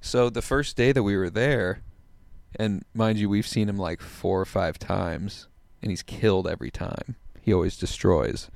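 A laid-back man in his twenties rambles through a story while stoned, swearing often and slipping into impressions of the people he met. His voice sits a little low and comes across smooth and clear in a dry, close-miked space. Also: moderate pace, darkish tone, dry recording. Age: 20s. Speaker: podcast host telling a story. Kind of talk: casual storytelling chat.

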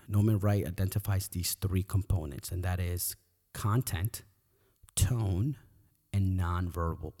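A middle-aged man hosts a podcast, speaking earnestly and reflectively about personal matters and often repeating words as he thinks. His voice sits low with a warm tone.

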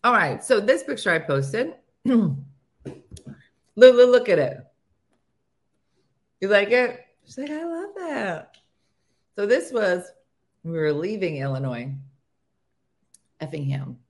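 A woman in her forties hosting a casual morning show, animated and acting out what people say. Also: mid-range voice, slow, pauses often. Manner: animated, gasping and acting out quotes. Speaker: host.

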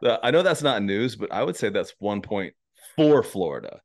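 A man's voice: fairly low pitch, sing-song, normal speed. A man hosting a casual comedy podcast, talking loosely and profanely and laughing often.

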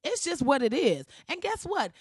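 A woman ranting in a blunt, profane and sassy way as she comments on someone else's video, with sudden jumps in pitch. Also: sing-song, moderate pace, dry recording, clean studio sound. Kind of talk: casual reaction rant.

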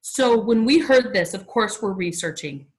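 A woman's voice: medium pitch, animated, moderate pace, poor audio. A woman in her forties, a podcast guest, telling a personal story in a chatty, emotional way with many "like" fillers. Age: 40s.

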